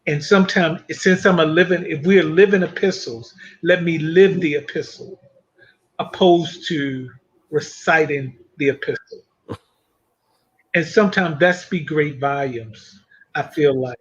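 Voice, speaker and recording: A man with a fairly high voice speaks as a panelist in a reflective faith discussion. He talks in a thoughtful, measured way. The audio sounds dull and lo-fi. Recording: muffled lo-fi audio.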